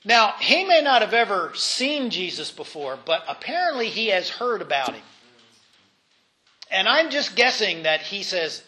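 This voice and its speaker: Bright high-voiced man teaching scripture. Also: sing-song, a little slow. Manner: conversational, many fillers and restarts, voices quotes in asides. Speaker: Bible teacher. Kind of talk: informal Bible teaching.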